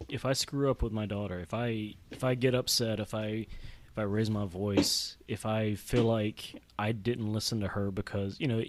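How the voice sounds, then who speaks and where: A man hosts a podcast conversation. His voice is lowish and dry, close to the mic. He stammers into repeated phrases as he offers support. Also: no room sound. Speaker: podcast host. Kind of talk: conversational interview.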